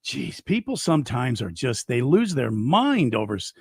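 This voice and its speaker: A man's voice: medium pitch, very animated, moderate pace, husky. A man co-hosting a sports radio show, answering hesitantly with stammered restarts. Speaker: radio co-host. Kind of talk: casual chat.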